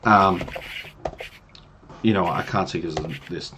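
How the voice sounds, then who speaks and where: A man's voice: low voice, measured pace, bright, forceful tone, slight background noise. A man who runs tabletop games, giving casual advice on a livestream in a rambling, self-deprecating way and swearing now and then. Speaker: game master and streamer.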